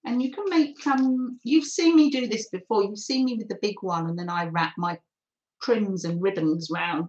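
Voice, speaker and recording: A middle-aged woman hosting a live craft session, chatting warmly to viewers and reading their comments as she works. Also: mid-range voice, dull audio. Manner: friendly, reads out chat comments while crafting. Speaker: craft livestream host.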